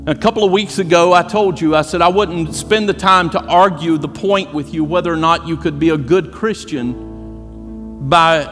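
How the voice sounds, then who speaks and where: A man preaching a sermon as pastor, building to shouted emphasis and repeating his phrases. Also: fairly high pitch, normal speed, long reverb tail, soft background music. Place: church sanctuary.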